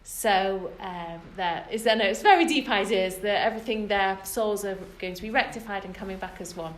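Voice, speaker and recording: A British religious teacher leads a Torah class for women, recounting a story earnestly and with emphasis to a live group. Her voice is mid-range and she speaks at a normal speed. The room is echoey.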